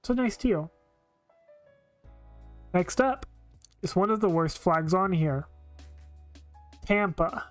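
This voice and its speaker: A woman's voice: lowish voice, lively intonation, slow, long pauses, no room sound, soft background music. A woman streaming live, giving blunt, opinionated casual commentary with frequent filler words.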